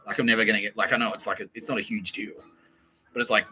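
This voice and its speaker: A man's voice: lowish voice, very fast, rough recording. An Australian man hosting a podcast, telling a casual story with lots of swearing and acted-out quotes. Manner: animated, swears often, acts out quoted voices. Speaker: podcast host.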